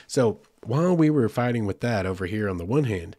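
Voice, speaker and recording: A man's voice: on the low side, animated, brisk, few pauses, mellow, no room sound, clean studio sound. A man hosting a podcast, telling a road trip story in a loose, chatty way with many fillers and asides. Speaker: podcast host. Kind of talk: casual storytelling.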